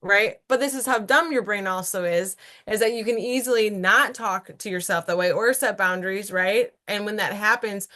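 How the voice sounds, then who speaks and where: A woman in her thirties appears as a guest entrepreneur on an interview podcast, speaking earnestly and animatedly in casual chat and often checking in with "right?". Her voice is medium-pitched, pushed, and bright.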